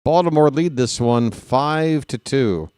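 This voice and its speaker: Slow, dry-voiced fan baseball announcer. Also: male voice, lively intonation, darkish tone, clean tone, no echo. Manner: joking, rambling asides between pitches. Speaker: play-by-play announcer. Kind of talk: fan-made live play-by-play commentary.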